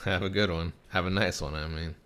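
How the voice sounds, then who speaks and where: A young man hosting a podcast speaks fairly quickly in a deep voice, animatedly acting out the characters of his casual, swear-filled story. A bit of background noise is audible.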